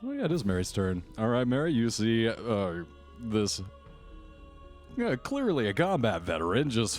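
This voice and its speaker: Guy running a horror tabletop game, lively up and down voice, playful. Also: medium pitch, a little slow, soft background music. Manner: animated, playful narration. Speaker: game master.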